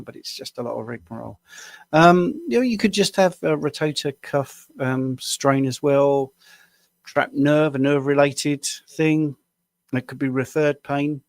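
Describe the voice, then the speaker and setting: Tired UK man coaching a live viewer Q&A at his desk, rambling and self-deprecating, with a gravelly voice. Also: medium pitch, no echo, studio quality. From United Kingdom. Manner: casual, rambling, self-deprecating with small laughs. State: tired after a long day at the screen. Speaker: health coach answering viewer questions. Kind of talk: live Q&A stream.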